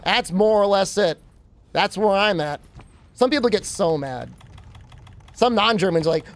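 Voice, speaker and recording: A man's voice: high voice, expressive, a little slow, long pauses. A man streaming a game, rambling and joking with his chat in a casual way. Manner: rambling, joking, talks to chat while playing.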